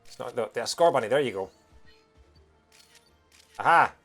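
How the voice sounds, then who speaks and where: A man hosting a let's play offers casual gameplay commentary, excitable and chatty, humming tunes and tossing out jokey asides. His voice is medium-pitched and moderately paced, with soft music in the background.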